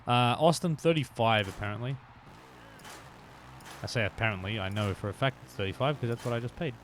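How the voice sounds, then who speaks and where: A man streaming a motorbike game live, chatting casually with viewers, joking at himself and now and then shouting at the game. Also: medium pitch, a little fast, a little hiss or hum. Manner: chatty, self-deprecating, bursts into shouts.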